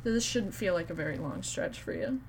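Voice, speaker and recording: Giggly young-sounding woman, lowish voice. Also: expressive, normal speed, slight background noise. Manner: giggly, gushing fan. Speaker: podcast co-host. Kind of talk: casual book-club chat.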